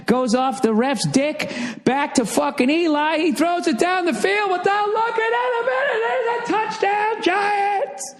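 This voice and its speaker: A man playing an over-the-top football play-by-play announcer, shouting and stretching out his calls. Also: very high-pitched, measured pace, a loud crowd, pitched above the performer's own voice. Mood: frantic.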